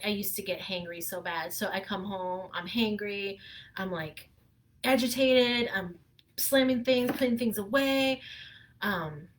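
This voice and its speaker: Woman parent coach talking slow and gentle on a live video, middle-pitched, pauses a lot. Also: a little hiss or hum. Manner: gentle, earnest, unhurried with pauses. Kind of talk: live video advice talk.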